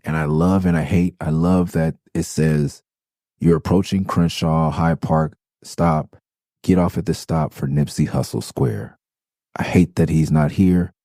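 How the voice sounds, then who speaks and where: A middle-aged podcast host from Los Angeles rambles through a story in a very low, gravelly voice, swearing freely and restarting his sentences. His tone is dark and mellow, recorded close and dry with no room sound. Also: steady tone, a little slow, dry recording. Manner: loose, profane, rambling with restarts. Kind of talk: casual storytelling monologue.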